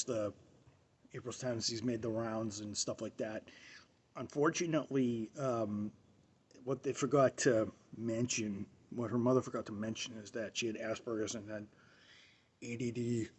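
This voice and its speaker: Husky man rambling through a story. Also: mid-range voice, a little mellow. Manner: rambling, repeats phrases, many fillers. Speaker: radio show host. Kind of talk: casual storytelling monologue.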